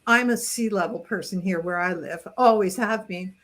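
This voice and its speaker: A woman's voice: mid-range voice, normal speed, fairly bright tone. A woman from Canada, a talk-show host, telling anecdotes in a casual, self-deprecating way. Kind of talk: casual chat.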